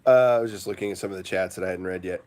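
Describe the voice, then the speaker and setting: A man's voice: deep voice, very fast, a little mellow. A man hosting a casual morning livestream, rambling with lots of fillers and breaking into laughter. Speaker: livestream host.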